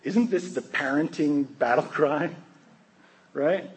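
A man's voice: a little high, slow pace, slightly rough, poor audio. A man preaching a sermon in a conversational, joking way, often asking his listeners questions. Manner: conversational, humorous, asks the congregation questions. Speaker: pastor.

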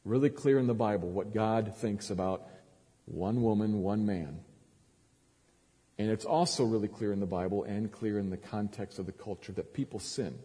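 A man's voice: lowish voice, moderate pace, dark tone, husky, long reverb tail. A male pastor preaching a sermon, retelling a story with dramatic emphasis and frequent restarts.

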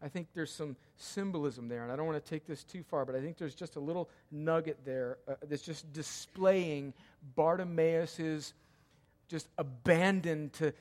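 A man preaching a sermon as pastor, emphatic and repetitive, swinging from loud cries to hushed, quiet passages. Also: on the high side, moderate pace. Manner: emphatic, repeats key lines, swings between loud cries and hushed tones. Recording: long hall reverb.

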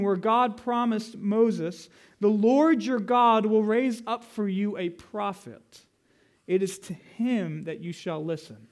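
A man pastor preaching a Sunday sermon, teaching from scripture and slowing down to stress key phrases. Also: sits high. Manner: emphatic, teaching, slows down to stress scripture quotes.

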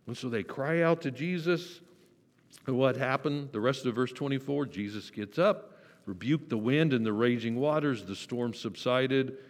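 A man preaching a sermon, animated, acting out quoted voices with sudden jumps in pitch and loudness. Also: in a large hall. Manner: animated, acts out the disciples' panic in quoted voices. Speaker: pastor.

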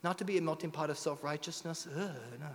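A man preaching a sermon as pastor, firing rhetorical questions and swinging from loud urgency to hushed tones. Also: a little high, fairly even intonation, fast talker. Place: church sanctuary. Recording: long reverb in a large hall.

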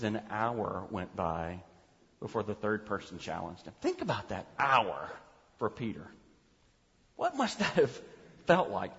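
A man's voice: on the high side, a bit bright. A man preaching a sermon, emphatic, acting out the voices he quotes with rising intensity. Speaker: pastor. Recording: dull recording with long hall reverb.

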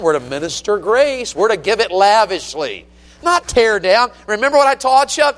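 High-voiced, animated man preaching. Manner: animated, asks the congregation questions. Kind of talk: sermon. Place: church sanctuary.

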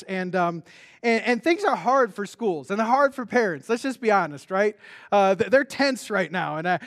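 Male pastor, very high-pitched, chatty animated sermon delivery. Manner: conversational, animated, with frequent restarts and rhetorical questions.

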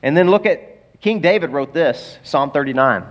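A male pastor preaching in a church. His voice sits a little high for a man, and he talks in an animated, conversational way, turning to people in the pews. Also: normal speed, long reverb tail. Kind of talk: sermon.

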